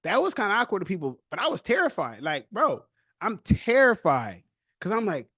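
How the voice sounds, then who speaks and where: A young man hosting a podcast, telling his own story casually with loose street slang and animated retellings. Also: high voice, moderate pace, breathy edge, no echo, studio quality.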